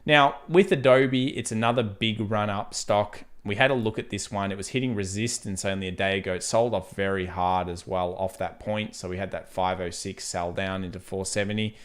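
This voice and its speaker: A relaxed young Australian man hosts a live market stream, talking in a casual, chatty way and laughing easily. His voice sits a little on the low side, and his Australian accent is plain to hear. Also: normal speed, few pauses. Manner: chatty, laid-back, laughs easily while reading chat. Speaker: trading livestream host.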